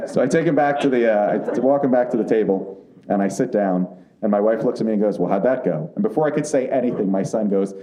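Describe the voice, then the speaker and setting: A man's voice: lowish voice, fast, dark tone. A man in his thirties doing a stand-up comedy set on a club stage, telling stories in a brash, profane way into a handheld mic. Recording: roomy club with crowd noise.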